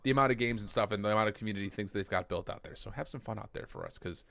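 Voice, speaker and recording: A man's voice: on the low side, racing, vocal fry, fairly bright tone. A man casually co-casting an esports match, chatty and jokey, rambling with lots of fillers. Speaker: esports co-stream caster.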